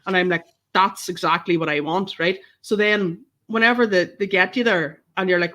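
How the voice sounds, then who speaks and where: A woman's voice: on the low side, a little fast, hardly any pauses. A Northern Irish woman, a photographer guest on a podcast, telling stories in casual chat and swearing freely. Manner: animated storytelling, swears freely.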